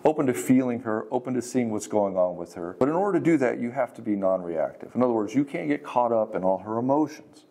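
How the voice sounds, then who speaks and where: A man's voice: medium pitch, expressive, quick pace, few pauses, dark tone. A man giving frank, conversational relationship advice, swearing casually and acting out what partners say. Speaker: dating and relationship coach. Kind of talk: casual advice monologue to the camera.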